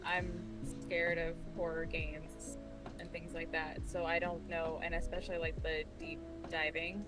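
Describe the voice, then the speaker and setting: Lower-voiced woman, self-deprecating. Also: little pitch movement, measured pace, music in the background, poor audio. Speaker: podcast guest. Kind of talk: casual chat.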